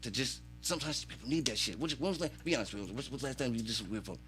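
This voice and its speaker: Man, fast, swinging pitch, faint music behind. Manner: animated storyteller, acts out quoted voices, swears freely. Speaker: podcast guest. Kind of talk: casual storytelling.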